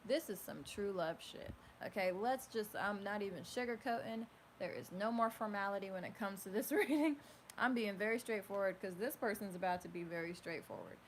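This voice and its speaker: A woman giving a casual tarot reading at home, rambling and animated, full of fillers. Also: medium pitch, fairly quick. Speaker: tarot reader. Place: home room with a fan running. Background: faint fan hum.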